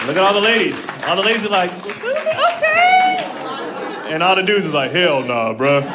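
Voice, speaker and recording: A man in his thirties doing an animated stand-up comedy set, laughing through his punchlines. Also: mid-range voice. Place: comedy club stage with audience. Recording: loud crowd laughter and room noise.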